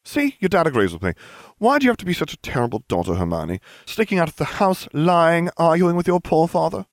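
Guy doing a snarky deadpan teen wizard, teasing, dry close sound. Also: fairly high pitch, brisk, dry recording, pitched above the performer's own voice. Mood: sarcastic. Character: sarcastic teenage boy wizard, dry and deadpan.

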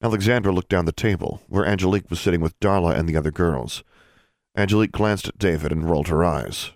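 Deep-voiced male audiobook narrator. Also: fast, dry recording, clean studio sound. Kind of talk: scripted narration.

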